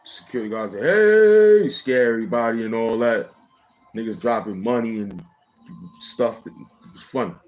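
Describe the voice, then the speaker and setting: A man with a somewhat low voice tells a story from his own life in a loose, slangy way. He rambles, circles back, and keeps checking in with "you know what I'm saying". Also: fairly even intonation, normal speed, long pauses, dull audio. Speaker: channel host telling a personal story. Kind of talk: casual storytelling.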